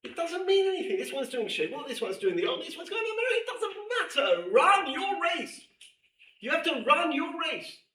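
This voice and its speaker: A man teaching a class, animated and emphatic, repeating key phrases and reading Hebrew texts quickly. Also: very high-pitched. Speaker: teacher at a women's seminary. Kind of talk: lecture to a class. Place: room with a class present. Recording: echoey room, distant mic, faint hiss.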